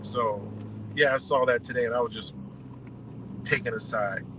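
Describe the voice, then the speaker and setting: A man's voice: mid-range voice, normal speed, noisy background. A man hosting a live stream, ranting bluntly and exasperatedly with heavy swearing. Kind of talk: profane ranting commentary.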